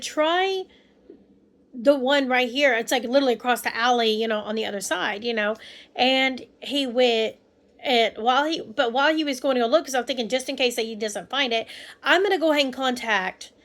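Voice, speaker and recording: A young woman, rambling through a casual story as a vlogger and restarting her sentences often. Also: fairly high pitch. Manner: rambling, restarts, quotes people with mock voices.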